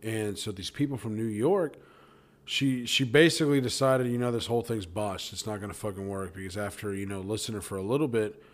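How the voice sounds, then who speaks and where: A man's voice: lowish voice, fairly quick. A young man in casual conversation, retelling a story in a loose, rambling way with restarts and swearing. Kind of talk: casual chat.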